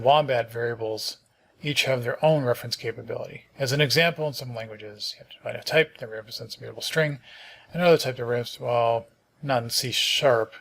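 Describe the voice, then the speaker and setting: A middle-aged man hosting a casual programming stream, tired and yawning, reading documentation aloud and thinking out loud with many fillers and restarts. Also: medium pitch, vocal fry. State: sleepy, yawning.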